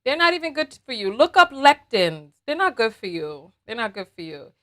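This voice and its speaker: A woman's voice: a little high, very animated, moderate pace, sharp tone. A woman hosting a livestream, chatting animatedly and talking straight to her viewers. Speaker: host. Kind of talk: livestream commentary chat.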